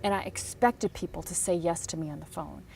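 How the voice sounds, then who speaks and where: A woman teaching career advice in casual talk, telling stories with animated delivery and acting out the people she quotes. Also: fairly low pitch, brisk, creaky, slight background noise. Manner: animated storytelling, acts out quotes.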